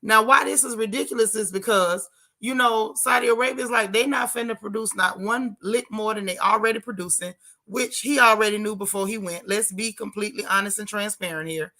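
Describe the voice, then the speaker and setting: Lady livestreaming from her car, sassy and animated, crisp bright voice, reads chat out loud. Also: mid-range voice, brisk. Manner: animated, sassy, talks straight to viewers. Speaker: livestream host. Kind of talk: casual livestream commentary, reading chat. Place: in a car while driving.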